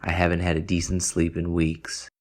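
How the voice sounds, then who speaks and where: A man giving dry, deadpan first-person narration of a literary story. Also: deep voice, moderate pace.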